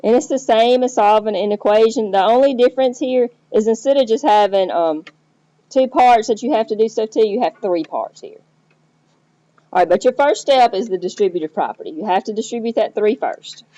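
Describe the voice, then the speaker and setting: A woman's voice: fairly high pitch, expressive, a little fast, warm tone, dry recording. A woman teacher explaining math step by step, checking in with the listener as she goes. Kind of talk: recorded math lesson. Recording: dull lo-fi recording.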